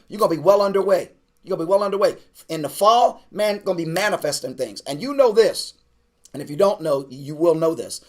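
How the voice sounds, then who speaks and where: A man, a pastor, talking casually to an online class, urging and repeating himself as he builds energy. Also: sits high. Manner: repetitive, exhorting, building to shouts; casual, uses "man" and "y'all". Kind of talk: energetic preaching pitch to an online audience.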